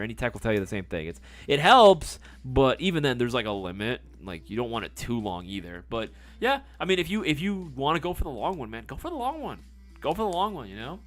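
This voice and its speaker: A man hosting a casual live-stream sales chat, playful and quick to swear. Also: mid-range voice, sing-song, fairly bright tone, soft background music.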